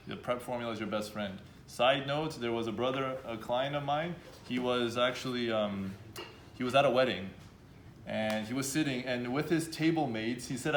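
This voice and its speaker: A man's voice: mid-range voice, fairly quick, slight background noise. A man coaching university students on confident speaking at a live workshop, talking directly and acting out hesitant speakers. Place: event room with students. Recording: echoey room with faint background ambience.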